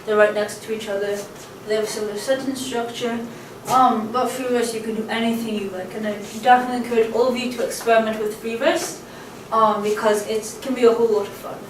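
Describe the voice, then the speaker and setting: A woman's voice: on the high side, steady tone, quick pace, distant mic. A woman giving a casual poetry lesson, chatty and full of ums and uhs, tapping out stress patterns aloud. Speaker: poetry teacher. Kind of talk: casual lecture. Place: room with a camcorder. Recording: echoey room, voice away from the mic, faint background hum.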